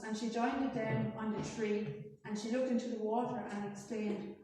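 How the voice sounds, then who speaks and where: A woman's voice: fairly high pitch, steady tone, moderate pace, mellow, a little hiss or hum. A woman storyteller reading a rhyming picture book aloud to children in a rhythmic, sing-song way and asking them questions. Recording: echoey hall from far off.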